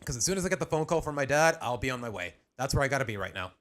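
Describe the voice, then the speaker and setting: A man's voice: mid-range voice, expressive, racing, a bit bright. A young adult man chatting casually on a live stream as he reacts to a video, rambling with restarts and slang.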